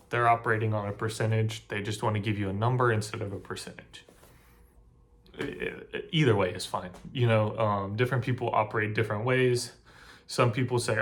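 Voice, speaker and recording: A man at an ordinary middle pitch walks the viewer through the steps in a loose, chatty way. He repeats points and keeps checking that the listener is still with him. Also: fairly even intonation, moderate pace, a bit bright. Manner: chatty, repeats himself, frequent "right?" asides. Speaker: channel host giving advice. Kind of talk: casual how-to talk to camera.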